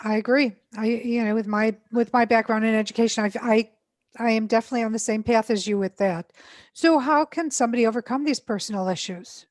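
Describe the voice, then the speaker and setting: A woman's voice: fairly high pitch, brisk, darkish tone, no echo. A woman hosting an interview over a video call, asking questions in a conversational, agreeable way. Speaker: show host. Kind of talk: interview chat.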